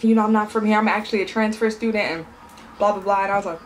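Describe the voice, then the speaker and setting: A woman's voice: mid-range voice, very fast, slight background noise. A young woman vlogger chatting casually and telling stories while she eats, acting out the voices of people she quotes.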